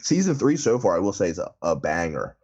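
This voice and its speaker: A man's voice: low-pitched, big pitch swings, a little fast, darkish tone, slightly rough. A man co-hosting a podcast in casual chat, rambling, laughing and restarting his sentences, recorded over a remote call. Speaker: podcast co-host. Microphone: remote call mic. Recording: lo-fi online call audio.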